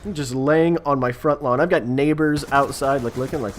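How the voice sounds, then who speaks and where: A young man hosting a gaming channel, telling a rambling, self-mocking story in a casual, animated way over gameplay. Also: mid-range voice, moderate pace, slight background noise.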